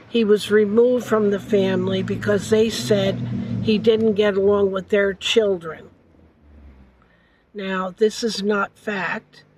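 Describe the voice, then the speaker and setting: An older woman recounting a family story in an interview, halting and correcting herself as she goes. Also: medium pitch, darkish tone, a little hiss or hum, rough recording. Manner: halting, with frequent hesitations and self-corrections.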